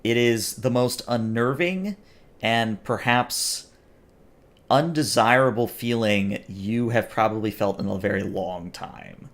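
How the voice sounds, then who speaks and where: A man narrating as game master of a tabletop role-playing game, with slow, deliberate descriptions. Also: fairly low pitch.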